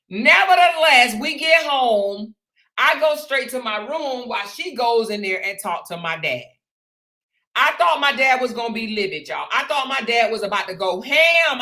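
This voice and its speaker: A woman host telling a personal story to her viewers, animated and chatty, calling them "y'all" and "honey". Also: a little high. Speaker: show host.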